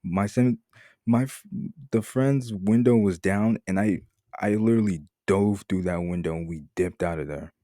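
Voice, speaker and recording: Give me a young man with a dry, mellow voice telling a rambling story-time tale. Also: fairly low pitch, normal speed, dry recording. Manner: casual, profane, rambling with restarts. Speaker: vlogger.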